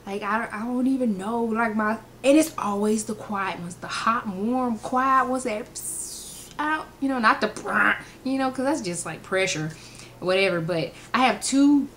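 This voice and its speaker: Animated woman telling funny stories. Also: a little high, normal speed, slight background noise. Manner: animated, laughing storyteller acting out quotes. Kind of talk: casual storytelling vlog.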